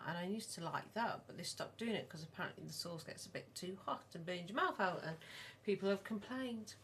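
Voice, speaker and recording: A middle-aged woman, co-hosting a casual podcast and telling long, animated stories. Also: fairly low pitch, a little hiss or hum. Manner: rambling, animated storyteller. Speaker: podcast co-host, mother of the other host. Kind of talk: casual chat.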